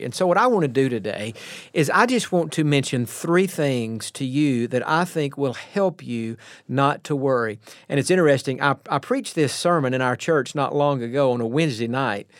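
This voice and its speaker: A man preaching a radio sermon in an earnest, plainspoken way, slowing down to stress key words. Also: medium pitch, no room sound, clean studio sound.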